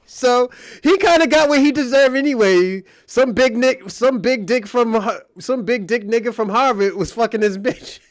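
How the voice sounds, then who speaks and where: Man, high voice, dry close sound, crude laughing storyteller, live stream host. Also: moderate pace, no room sound. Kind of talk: casual live stream talk.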